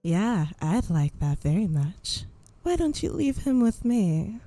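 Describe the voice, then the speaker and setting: A woman voicing a spiteful female rival who taunts in a low, mocking way. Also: very animated, takes it slowly, warm tone, no echo. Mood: taunting.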